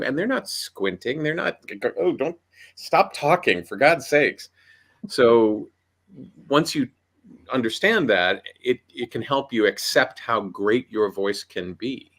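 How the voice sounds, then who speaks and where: A man talking on a video call, giving emphatic, punchy coaching advice in an animated panel chat. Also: medium pitch, moderate pace. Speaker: voiceover artist and audiobook coach.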